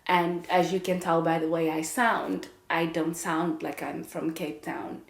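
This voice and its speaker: Slow-talking South African woman, candid. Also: deep voice, level tone, gravelly, reverberant. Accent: South African English. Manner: candid, reflective, with frequent laughs and fillers. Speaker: podcast host, actress. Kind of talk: casual monologue.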